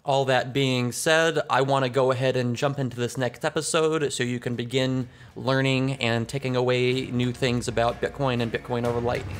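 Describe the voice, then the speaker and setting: A man from the United States hosting a podcast, talking in a relaxed, rambling way with frequent fillers. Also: mid-range voice, moderate pace, hardly any pauses. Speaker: podcast host. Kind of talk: casual podcast interview.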